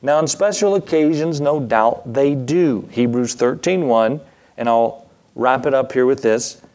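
A man's voice: mid-range voice, unhurried, darkish tone. Man, pastor, folksy sermon, chuckling asides.

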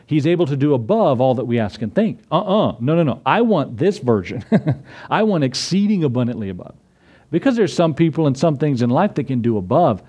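A man's voice: on the high side, a little mellow. A male pastor preaching a sermon in a conversational way, with frequent asides and small laughs.

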